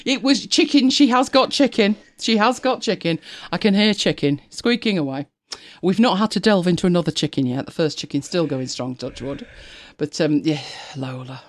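This British woman co-hosts a casual chat stream, sounding sarcastic and chatty as she laughs often and thinks aloud while reading. Her voice is lowish, she talks at a normal speed, and she rarely pauses.

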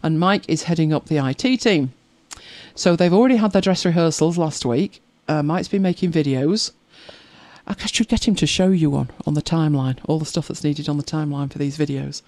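A woman's voice: low-pitched, a little fast, a little mellow, no room sound. A woman hosting a casual live chat, rambling through stories and viewer comments with frequent laughs. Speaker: livestream host reading viewer comments.

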